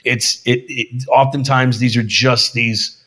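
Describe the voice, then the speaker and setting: A man's voice: mid-range voice, fairly even intonation, measured pace, fairly bright tone, slightly rough. Man, film director, casual guest chat, heavy swearing, punchy quoted lines, mid-range voice. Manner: profane, emphatic storyteller acting out quotes. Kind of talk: casual conversation.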